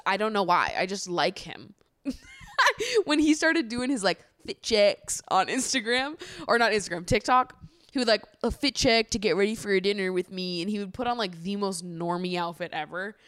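A woman's voice: mid-range voice, lively intonation, moderate pace, fairly bright tone, no room sound. Giggly, chatty young woman, dry close sound. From United States. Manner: chatty, giggly, swears casually. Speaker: podcast host. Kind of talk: casual chat.

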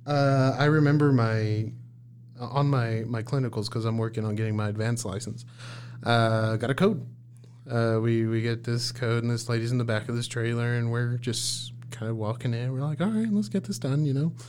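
A man's voice: mid-range voice, level tone, normal speed, darkish tone, a little hiss or hum. A man, a paramedic guest, telling work stories in casual chat, laughing often and acting out his own lines in a raised voice.

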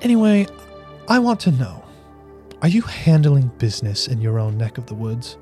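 A man voicing a haughty, scheming noblewoman villain in a tabletop game, high and self-satisfied. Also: big pitch swings, normal speed, dark tone, soft background music, lightly acted. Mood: sly.

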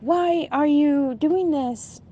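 A woman's voice: sits high, very slow, mellow, highs cut off, pitched above the performer's own voice. A woman voicing a false aunt from a dream, who pleads in a raised voice. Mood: pleading.

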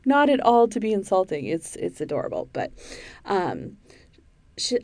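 Mellow-voiced woman hosting a sleep story. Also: medium pitch, moderate pace, creaky, no room sound. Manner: chatty and self-deprecating, softening to a calm hushed reading. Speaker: podcast host. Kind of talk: casual chat, then soft sleep-story reading.

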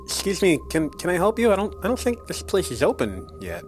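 A cautious young adventurer speaks politely, stumbling over his words with a lively, rising pitch, as a man plays him. Soft background music sits behind the tabletop game. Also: fairly quick. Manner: hesitant, stammering.

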